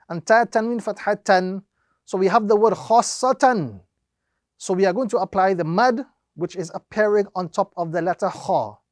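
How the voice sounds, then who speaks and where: A man teaching Quran recitation, explaining each rule slowly and step by step, drawing out the example words and repeating the steps methodically. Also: high-pitched, a little mellow, no room sound, studio quality. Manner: slow, deliberate explanation with drawn-out demonstrations. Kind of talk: instructional lesson.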